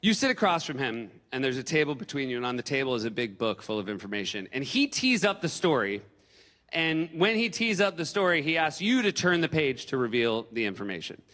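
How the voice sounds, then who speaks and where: A man's voice: medium pitch, fairly quick, big-room sound. A man performing stand-up comedy on a theater stage, telling stories and acting out the quotes. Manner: animated storytelling with acted quotes.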